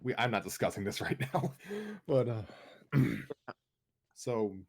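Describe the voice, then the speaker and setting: A man's voice: medium pitch, slow pace, vocal fry. A man hosting a casual chat about a story reading, rambling and laughing often. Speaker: host of a story reading show.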